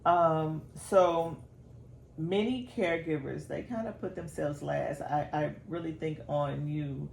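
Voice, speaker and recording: Woman host, slow and measured, gravelly fry in her voice, roomy echo. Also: deep voice, a little mellow. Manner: slow, measured, supportive questioning. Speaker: podcast host. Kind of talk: interview. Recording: echoey room with faint background noise.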